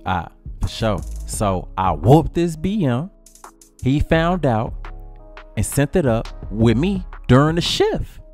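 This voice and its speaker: A man's voice: fairly high pitch, sing-song, takes it slowly, a little mellow. Guy roasting everybody in a comedy story, slangy, music playing faint. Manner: brash slangy trash-talk. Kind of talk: comic storytelling skit.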